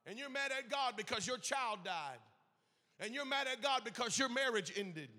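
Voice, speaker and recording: A man's voice: very high voice, lively intonation, normal speed, pushed and bright. A man pastor preaching a sermon with passionate, emphatic repetition. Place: church sanctuary. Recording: echoey church hall.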